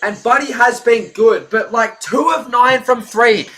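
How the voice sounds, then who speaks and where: A man giving live fan commentary on a basketball game, frustrated and profane, breaking into shouts and laughter. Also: very high voice, a little slow.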